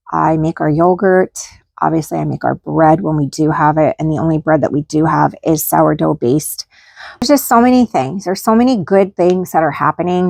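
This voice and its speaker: A woman hosting her channel chats frankly and informally to the camera, often ending lines with "like" and "right?". Her voice is fairly low and creaky, and the clean studio recording has no echo.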